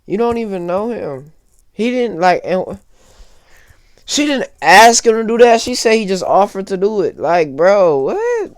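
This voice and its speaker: A man's voice: high-pitched, very animated, a little slow, clean tone, dry recording, clean studio sound. Man firing off incredulous reaction quips. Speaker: reaction video host. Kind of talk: casual reaction commentary.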